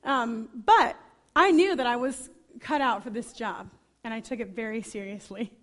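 High-voiced enthusiastic woman preacher. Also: normal speed. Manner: enthusiastic storytelling; chatty, lively asides. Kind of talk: sermon.

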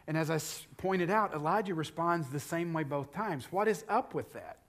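A middle-aged man delivering a sermon in a voice a touch higher than usual. He builds in volume on the key points and drops to a near whisper to stress a question. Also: moderate pace. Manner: dynamic preaching, swelling louder on key points, dropping to a whisper for emphasis. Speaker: pastor.

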